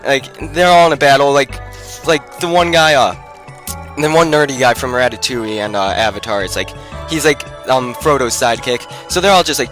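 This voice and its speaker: A man giving rambling game commentary, retelling a story packed with "like" and breaking off to talk about his own play. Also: medium pitch. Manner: rambling, filler-heavy retelling with "like". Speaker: gameplay commentator.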